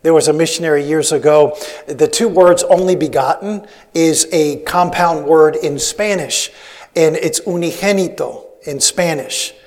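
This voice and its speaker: A man's voice: a little high, unhurried, darkish tone. A man preaching a sermon as a missionary, telling stories in a rambling way with many restarts. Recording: long hall reverb.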